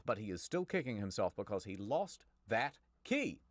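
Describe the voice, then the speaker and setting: An English man narrating a comedic story recap in a deadpan, sarcastic tone. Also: lowish voice, normal speed, background noise. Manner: deadpan, sarcastic, jumping into silly voices.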